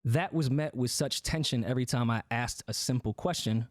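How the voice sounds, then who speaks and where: A man's voice: medium pitch, normal speed, no echo, clean studio sound. A man co-hosting a podcast, talking candidly and bluntly, with profanity, as he explains his side of a dispute. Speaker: podcast co-host.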